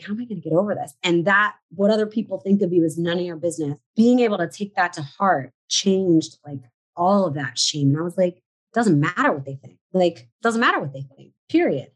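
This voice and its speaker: This American shop owner in her forties is a guest on a podcast, her pitch fairly low and the audio poor. Speaking candidly, she recounts her story and voices what she used to think in quoted form.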